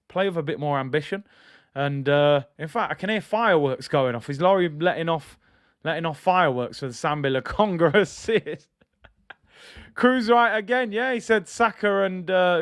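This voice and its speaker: A man hosting a live football watch-along, reacting loudly to play and reading out viewer comments. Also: clean tone, no room sound, clean studio sound. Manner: excitable, trailing off with a low "people"; reads out chat comments between play calls.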